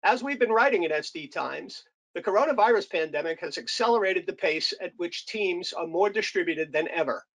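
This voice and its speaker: A man's voice: sits high, lively intonation, a little fast, few pauses, a bit bright, low-quality recording. A man, an editor, gives a formal, scripted introduction as host of a webinar. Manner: formal, announcer-like.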